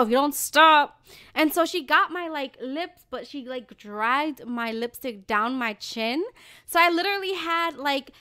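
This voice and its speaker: A young woman with a high, bright voice tells stories in a loose, casual podcast chat. She is animated and swears freely, breaking into loud bursts as she goes. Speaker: podcast co-host.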